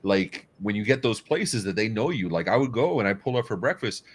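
Deep voiced guy hosting a chill chat show, kinda low, rambles through stories and swears a lot. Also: lively intonation, brisk, slightly rough. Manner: loose, swearing, storytelling. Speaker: host. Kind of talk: casual chat.

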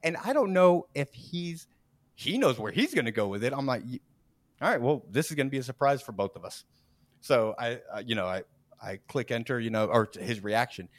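A podcast host in his forties tells a workplace story in casual chat, medium-pitched and a little fast, on a dry recording. He's animated, acts out quotes, laughs mid-story and keeps restarting his sentences.

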